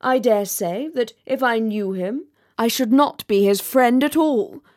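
A woman's voice: on the high side, unhurried, darkish tone, natural voice. A woman voicing a pompous, self-pitying male firework rocket in a storybook reading, with a melodramatic, self-important manner. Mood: haughty.

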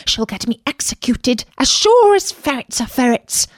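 A woman voicing an anxious, fussy male white rabbit who frets and mutters in a high voice. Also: sing-song, normal speed, no echo, studio quality. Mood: fretful.

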